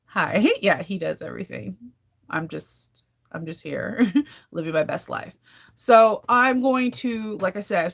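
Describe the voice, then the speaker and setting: A woman in her thirties talks straight to her viewers in a relaxed daily vlog. She rambles from one thought to the next and laughs often between sentences. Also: mid-range voice. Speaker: sewing vlogger. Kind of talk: casual daily vlog chat.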